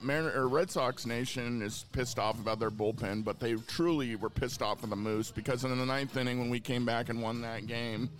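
Regular guy cohosting a sports podcast, easygoing storyteller, mid-pitched voice, faint music under it. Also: steady tone, fairly quick, few pauses. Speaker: podcast co-host. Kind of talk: casual chat.

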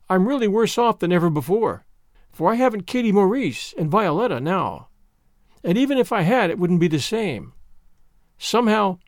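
A man's voice: sits high, no echo, clean studio sound. A man voicing a dreamy, romantic orphan girl who speaks in flowery, theatrical phrases.

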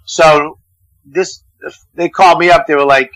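Bright, profane comedian telling a story. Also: male voice, a little high, moderate pace, dry recording, rough recording. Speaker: comedian guest. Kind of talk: casual radio chat and storytelling. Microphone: phone call-in.

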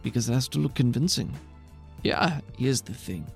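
A terse, guarded schemer in a tabletop game, voiced by a man at a middling pitch with a gravelly rasp. He is curt and matter-of-fact, with faint music underneath. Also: lively intonation, normal speed. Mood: blunt. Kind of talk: voicing a character in a tabletop game.

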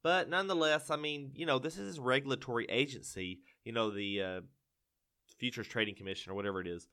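A man's voice: medium pitch, a little fast, sharp tone, smooth. A man hosting a farm podcast, rambling and joking with many fillers. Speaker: podcast host. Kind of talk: casual comedic chat.

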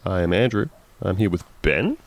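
A man hosting a casual comedy podcast, wry and deadpan, sounding tired. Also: low-pitched, moderate pace. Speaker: podcast host.

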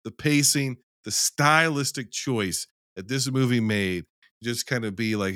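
A man co-hosting a casual film podcast, talking in a loose, animated way, swearing and acting out scenes as he argues his view. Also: mid-range voice, unhurried, no echo, studio quality. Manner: animated, profane, acts out scenes in quotes. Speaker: podcast co-host.

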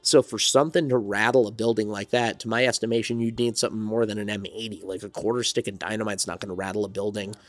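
Low-voiced man telling a story. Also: fairly even intonation, fast, hardly any pauses, dry recording. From New Jersey. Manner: rambling, reflective storytelling with many restarts. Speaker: songwriter and studio owner, interview guest. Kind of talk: casual interview conversation.

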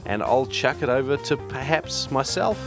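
Chatty podcast host, casual and relaxed. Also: male voice, mid-range voice, normal speed, gravelly, loud music behind the voice. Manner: relaxed and chatty, with frequent ums and restarts. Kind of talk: casual interview chat.

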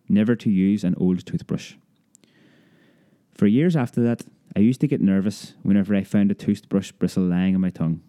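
In this audiobook, a man narrates his childhood memoir with lively storytelling, pitching his voice higher whenever a child cries out.

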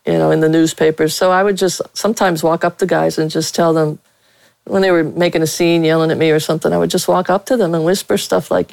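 Blunt, gravelly-voiced woman sportswriter. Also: lowish voice, steady tone, fast, a little mellow, no echo, low-quality recording. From Pittsburgh. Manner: blunt, frank, laughs while telling stories. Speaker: veteran sportswriter. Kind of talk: interview guest, candid storytelling.

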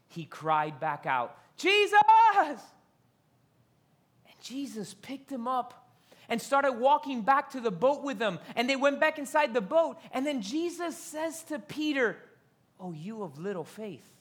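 High-voiced fervent male preacher. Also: animated, a little slow, fairly bright tone. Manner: fervent, repetitive, shifting to whispers for emphasis. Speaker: pastor. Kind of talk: sermon.

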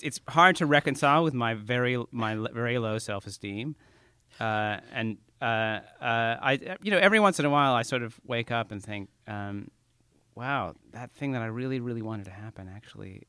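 A man being interviewed about his writing, talking casually, self-deprecating and halting with many restarts. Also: mid-range voice, expressive, pushed and bright, clean tone, no room sound. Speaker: author guest.

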